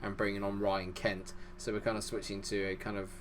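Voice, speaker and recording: A man giving fast, excitable live commentary over a football management game, chatty and self-deprecating. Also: lowish voice, slight background noise. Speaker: gaming YouTuber.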